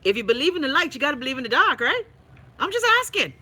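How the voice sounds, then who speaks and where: A Bahamian woman hosting a livestream, chatting casually and reading viewer comments in a blunt, profane, animated way. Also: sits high, rapid-fire, poor audio. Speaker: livestream host.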